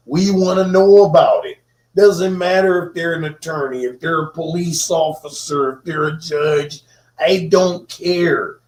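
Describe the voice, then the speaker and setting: A man's voice: on the high side, reverberant, far from the mic, rough recording. A man hosting a watchdog channel, delivering fiery commentary with an impassioned, indignant edge.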